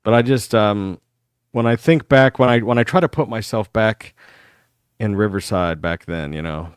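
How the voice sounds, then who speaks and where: A resonant, clear, lowish voice at moderate pace belongs to a middle-aged American live talk show host, captured in studio quality with no echo. He rambles through stories in a livestream monologue, animatedly acting out what others said.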